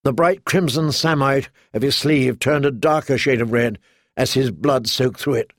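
A man reading a fantasy novel aloud as an audiobook narrator, measured and steady. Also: medium pitch, dry recording, studio quality. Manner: measured, storytelling. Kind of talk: scripted narration.

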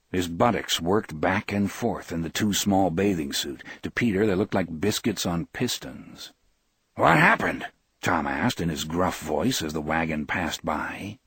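A male audiobook narrator with a low, husky voice reads with measured expression. The recording is close and dry, with no room around it. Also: dry recording. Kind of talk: scripted narration.

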